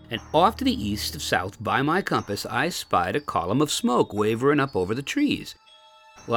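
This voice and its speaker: Male narrator, very animated delivery, soft music underneath; period tale reading. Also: mid-range voice. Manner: expressive, old-fashioned storytelling. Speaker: storyteller. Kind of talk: first-person story reading.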